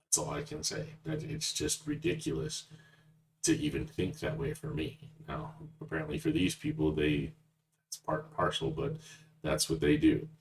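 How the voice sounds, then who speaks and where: A man's voice: a bass voice, animated, moderate pace, gravelly. A man giving blunt, conversational verse-by-verse Bible commentary as a teacher. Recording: distant mic with faint noise.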